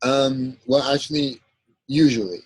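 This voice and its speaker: Husky-voiced man teaching grammar. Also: medium pitch, no room sound, rough recording. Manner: explanatory, checks in with "right?"; halting, with fillers and self-corrections. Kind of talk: classroom lecture.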